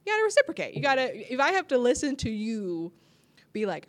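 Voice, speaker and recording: A woman's voice: on the high side, sing-song, brisk. A woman comedian in casual conversation, often laughing and acting out the people she quotes. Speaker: comedian, podcast guest. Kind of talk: casual chat.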